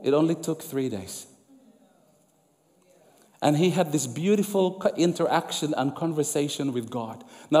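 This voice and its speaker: A man preaching a sermon as pastor, emphatic and repetitive, going soft and low when quoting scripture. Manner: emphatic preaching, repeats phrases for effect, drops soft and low for quoted words. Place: church sanctuary. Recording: long church hall reverb.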